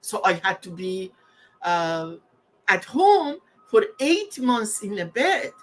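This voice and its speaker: Slow, earnest woman around sixty. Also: mid-range voice, animated, faint music behind. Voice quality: non-native English phrasing. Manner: earnest, heartfelt, plainspoken. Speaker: guest. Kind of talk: personal testimony.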